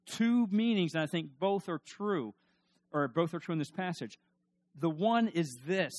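A male pastor preaching a sermon emphatically, repeating his questions and swinging from loud to hushed. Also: sits high, lively intonation, unhurried, dry recording.

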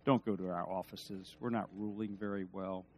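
A male preacher giving a sermon, swinging between loud emphasis and hushed asides and leading the congregation in call-and-response. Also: low voice, fairly even intonation, moderate pace.

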